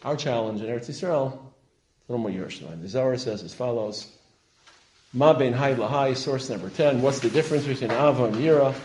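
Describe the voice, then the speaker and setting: A man's voice: medium pitch, brisk, a little hiss or hum. Passionate male lecturer in an echoey hall. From Israel. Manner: passionate, rising to loud emphatic peaks, Hebrew terms woven in. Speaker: rabbi giving a lecture. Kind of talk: sermon-style lecture. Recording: roomy hall echo.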